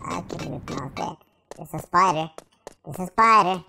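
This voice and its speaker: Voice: mid-range voice, normal speed, vocal fry, pushed and bright, slight background noise. A gameplay commentator talking in a goofy, silly, rambling way, taunting the game's characters as he plays.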